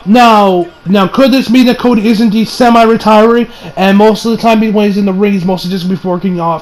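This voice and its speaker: High-pitched dude ranting about a wrestling show, swears a lot, keeps restarting. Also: male voice, rough recording. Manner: excitable, profane, rambling with restarts. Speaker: wrestling reviewer. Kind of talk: casual review monologue.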